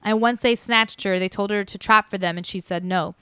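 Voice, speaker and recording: A woman's voice: medium pitch, fairly quick, clean tone, dry recording. A woman telling a story casually and animatedly, acting out what people said. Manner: animated, acts out quotes. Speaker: podcast storyteller.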